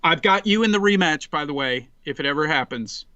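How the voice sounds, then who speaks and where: A man in his forties, a podcast guest, telling an animated, rambling story in casual chat, full of restarts. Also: a little high, fairly quick, no echo, dull audio.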